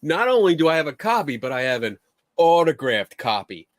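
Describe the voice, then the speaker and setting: A man's voice: fairly high pitch, sing-song, a little fast, dry recording, studio quality. A man hosting a casual live stream, joking and reading viewer questions aloud.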